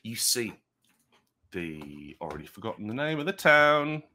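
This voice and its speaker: A man's voice: lowish voice, big pitch swings, measured pace, sharp tone. A man narrating as game master of a tabletop game, rambling and chatty with many restarts.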